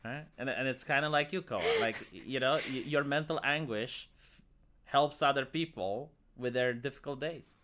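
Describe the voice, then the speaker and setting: A man's voice: medium pitch, moderate pace, fairly bright tone. A man with a Romanian accent chatting on a stream, rambling and stammering through restarts. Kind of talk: casual stream banter.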